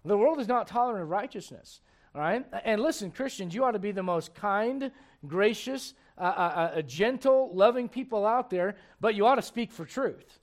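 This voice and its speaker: A man preaching a sermon, his voice pitched high for a man. He talks in an emphatic, conversational way and keeps asking the congregation rhetorical questions. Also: expressive, moderate pace.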